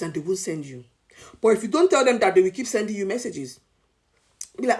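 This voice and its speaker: This advice vlogger, a Nigerian woman, addresses the camera directly in a casual style. Her middle-pitched voice has lively intonation and a brisk pace, and she hammers points home through repetition, coaching emphatically.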